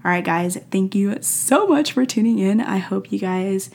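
A young woman hosting a podcast, talking in a casual, emphatic and animated way, dropping into slang and laughing often. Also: mid-range voice, normal speed, gravelly, slight background noise. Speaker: podcast host. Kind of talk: casual motivational monologue.

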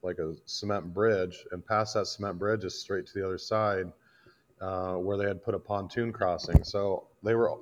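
A man's voice: deep voice, muffled recording. A man from Iowa, a combat veteran guest, bluntly telling a war story in casual, profane podcast talk. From Iowa, United States.

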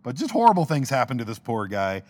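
A man's voice: mid-range voice, very animated, fast talker, a little mellow. A middle-aged man hosting his own podcast alone, rambling casually and cracking self-deprecating jokes. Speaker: podcast host. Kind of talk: casual solo podcast monologue.

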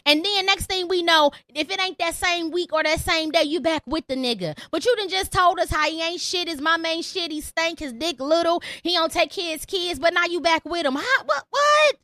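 Loud mouthed young woman podcast host, super high bright voice, dry close sound. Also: brisk, few pauses, no room sound. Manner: brash, profane, animated ranting. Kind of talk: call-in podcast rant.

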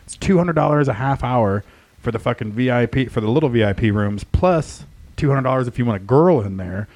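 A man's voice: mid-range voice, fairly quick. A man telling a bar story in casual chat, swearing freely and acting out the voices of the people in it. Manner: profane, animated storyteller acting out quotes.

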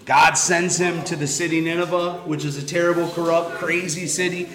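A man with a fairly high voice teaches a Bible study, retelling the stories in a casual, lively way for a small group. The room is echoey. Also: normal speed, crowd noise.

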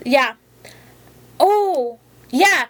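A woman's voice: sits high, expressive, very slow, a bit bright. A woman co-hosting a podcast in casual chat, reacting playfully and giggling. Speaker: podcast co-host.

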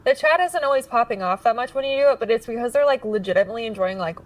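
A young woman, a streamer, talking as a guest in a casual chat, animated, saying "like" often and laughing. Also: a little high, rapid-fire, far from the mic.

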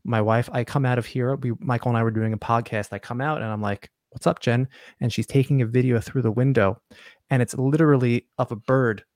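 Halting man telling a casual story. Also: steady tone, a little mellow, dry recording, clean studio sound. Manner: halting, self-correcting, drops low when quoting. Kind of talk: casual anecdote.

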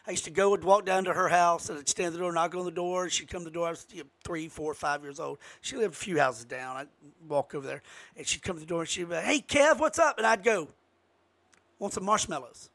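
Host, male, high bright voice, fired-up political rant with loud jumps. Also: quick pace. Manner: emphatic, rising to sudden loud outbursts. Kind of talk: impassioned political monologue.

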